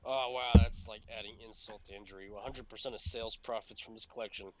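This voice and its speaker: A man's voice: on the low side, steady tone, fast, a loud crowd. A laid-back man co-hosting a casual podcast, swearing and reading posts aloud. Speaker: podcast co-host.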